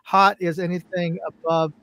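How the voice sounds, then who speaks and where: A man's voice: high-pitched, level tone, moderate pace, a bit bright. A man from California chatting as a guest on a livestream, laughing easily. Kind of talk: casual livestream chat.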